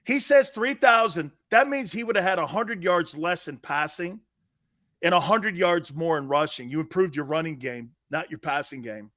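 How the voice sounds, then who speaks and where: At a moderate pace, a middle-aged man hosts a live sports talk show in a brash, blunt manner. He swears liberally and bounces between loud outbursts and quiet asides.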